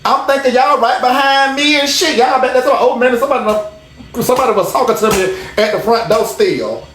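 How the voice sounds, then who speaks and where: In a reverberant space with faint music behind, a livestream host chats casually with viewers in a mid-range, fairly bright voice at a slightly fast clip. Sass and emphasis run through the commentary, and phrases get repeated for effect.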